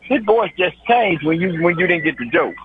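A man's voice: high-pitched, lively intonation, moderate pace, slight background noise. Laid-back male caller on a tinny phone line. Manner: laid-back, chuckling talk. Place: grocery store.

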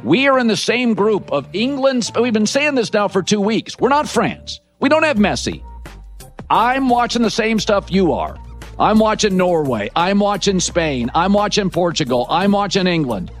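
Emphatic high-voiced male sports host. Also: very animated, normal speed, faint music behind. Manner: emphatic, punchy declarations. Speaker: sports talk show host. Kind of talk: opinionated sports talk.

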